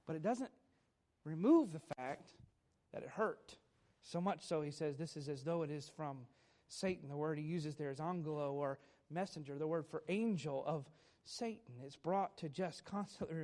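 A man's voice: high voice, a little mellow. A man preaching a sermon, earnest, acting out quoted prayers with pleading emphasis. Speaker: pastor.

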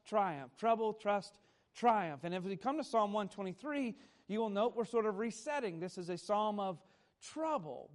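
A man preaching a Sunday morning sermon, teaching at a measured pace, stressing key words and putting questions to the congregation. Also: high-pitched. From America. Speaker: pastor.

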